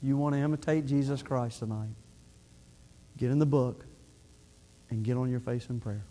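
A man's voice: medium pitch, fairly even intonation, normal speed, mellow. A middle-aged male pastor preaching a sermon in an earnest, conversational way, often restarting his phrases.

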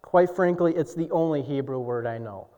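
A young adult man preaching a sermon as pastor, swinging from hushed, quiet passages to booming exclamations. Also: moderate pace. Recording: dull echoey hall sound.

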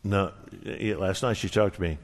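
A middle-aged man preaching a sermon, telling a personal story with earnest warmth and acting out quoted dialogue. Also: sits low, steady tone, moderate pace. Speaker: pastor. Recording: reverberant hall.

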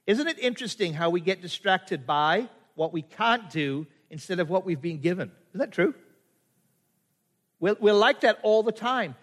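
A middle-aged man with a high voice preaches a sermon. He is from Canada, and he quotes scripture as he goes and keeps asking his listeners rhetorical questions. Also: expressive, measured pace, a bit bright. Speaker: pastor.

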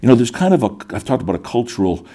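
A man's voice: mid-range voice, big pitch swings, rapid-fire, dark tone. A middle-aged man preaching a sermon as pastor, earnest, often repeating words as he builds a point.

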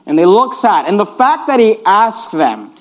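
A male pastor preaching a sermon in an animated, repetitive way, reading scripture and urging listeners to notice each point. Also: high voice, moderate pace.

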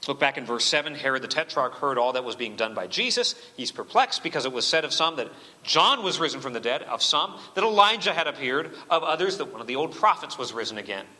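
A man's voice: medium pitch, expressive, fast, bright, forceful tone. A man preaching a sermon as pastor, emphatic and full of rhetorical questions. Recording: long reverb of a church hall.

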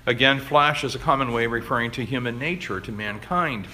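A man delivers a sermon in an earnest, emphatic manner, now and then stumbling into fillers and restarts. His voice is bright and forceful at a middling pitch. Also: a little fast. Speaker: pastor.

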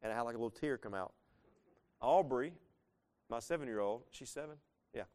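A man in his thirties preaches through a passage in an easy, conversational way. His voice is smooth and resonant, sitting at an ordinary middle pitch. He talks casually but earnestly, rising into sudden bursts of emphasis. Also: animated, fairly quick, a little mellow. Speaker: pastor. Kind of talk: conversational verse-by-verse sermon.

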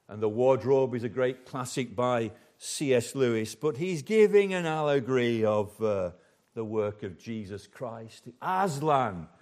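A man preaching a sermon in a chapel, earnest and unhurried, at times turning to speak directly to the children. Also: on the low side, darkish tone.

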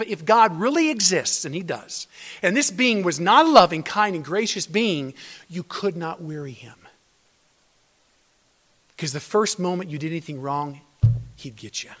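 A man preaching a sermon to his congregation as a pastor, swinging between loud emphatic lines and hushed near-whispers. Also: a little high. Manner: addresses congregation as brothers and sisters. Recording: long hall reverb.

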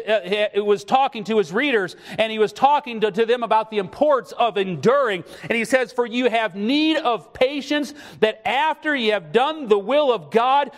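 A middle-aged man preaching a sermon, pleading and emphatic, his voice rising in fervent bursts. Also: high-pitched. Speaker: pastor. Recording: long reverb of a hall.

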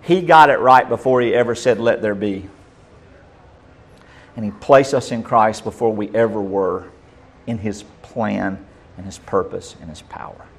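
A male pastor, preaching a sermon and swinging between loud and soft. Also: lowish voice, normal speed, a little hiss or hum.

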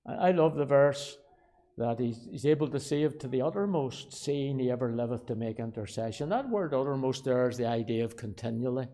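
A man with a Belfast accent preaching a sermon, shifting from quiet asides to loud, emphatic declarations and repeating key phrases. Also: mid-range voice, lively intonation, brisk. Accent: Northern Irish, Belfast. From Northern Ireland. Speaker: pastor.

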